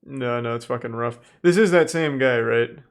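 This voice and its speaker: Gravelly-voiced man with dry commentary. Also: medium pitch, normal speed. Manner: dry, sardonic remarks while watching videos. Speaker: streamer. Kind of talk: casual stream commentary.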